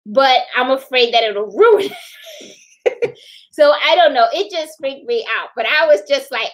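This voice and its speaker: A woman's voice: high voice, lively intonation, unhurried, low-quality recording. A woman hosting a casual live stream, chatty and repetitive, often laughing and greeting viewers by name. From Puerto Rican. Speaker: livestream host.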